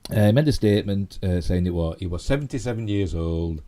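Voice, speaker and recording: Low, mellow Yorkshire man rambling. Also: expressive, brisk. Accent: Yorkshire English. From Yorkshire, England. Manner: rambling, chatty, with many fillers and self-asides. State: slightly hoarse. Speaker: channel host. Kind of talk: casual live-stream commentary.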